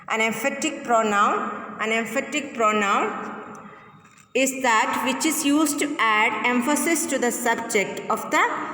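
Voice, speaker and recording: A woman teacher giving a grammar lesson, repeating each example sentence slowly. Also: high voice, a bit bright. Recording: echoey room with long reverb.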